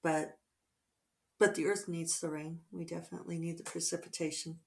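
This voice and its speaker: A middle-aged woman author talking casually over morning coffee, reflective and rambling with soft fillers. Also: lowish voice, fairly even intonation, moderate pace, gravelly, slight background noise.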